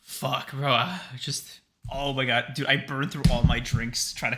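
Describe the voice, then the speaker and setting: A man co-hosting a podcast in a casual livestream chat, animated and profane. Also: mid-range voice, unhurried, noisy background. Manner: animated, profane, laughs often. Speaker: podcast co-host.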